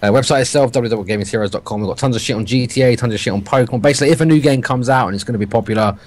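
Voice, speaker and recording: A British man co-hosting a gaming podcast, telling stories in a lively, swear-heavy way. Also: mid-range voice, rapid-fire. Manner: animated, swears a lot, storytelling. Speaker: podcast co-host. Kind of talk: casual gaming chat.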